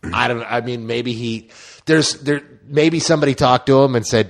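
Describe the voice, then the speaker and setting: A man co-hosting a casual podcast, chatting animatedly and slipping into quick impressions. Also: medium pitch, fairly even intonation, creaky. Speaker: podcast co-host. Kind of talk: casual chat.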